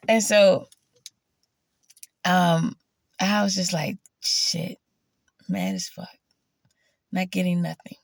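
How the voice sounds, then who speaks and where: A woman vlogger telling a profane, animated story in casual monologue and often quoting herself. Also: mid-range voice, vocal fry, no room sound.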